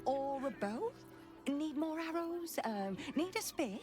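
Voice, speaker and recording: A woman's voice: sits high, lively intonation, takes it slowly. A woman voicing an eager young shop assistant who sells a smith's weapons in a video game, with chirpy sales patter. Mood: cheerful. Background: game music.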